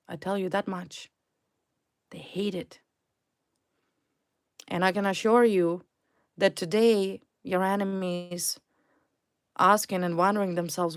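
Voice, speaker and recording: A woman's voice: lowish voice, unhurried, long pauses. A woman reading tarot cards to a viewer, blunt and emphatic, repeating her points and swearing freely. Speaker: tarot reader.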